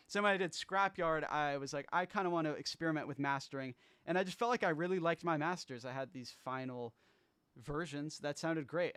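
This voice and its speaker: A man's voice: medium pitch, fairly bright tone, clean tone, no echo. A man casually breaking down how he made his own album on a livestream, rambling loosely, swearing, trailing off and restarting.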